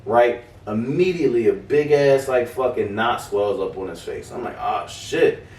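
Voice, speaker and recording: A man's voice: mid-range voice, moderate pace. A young adult man co-hosting a podcast, telling a story in casual chat, swearing freely and acting out the voices of people in it. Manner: animated, swearing, acts out quoted voices. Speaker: podcast co-host. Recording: roomy, distant mic.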